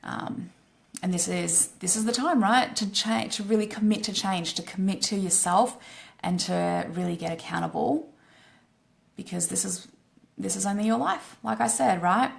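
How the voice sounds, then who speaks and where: Gravelly-voiced woman coach, blunt. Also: medium pitch, normal speed. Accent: Australian. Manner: blunt and swearing, frequent "right?" tags. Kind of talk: casual live stream sales pitch.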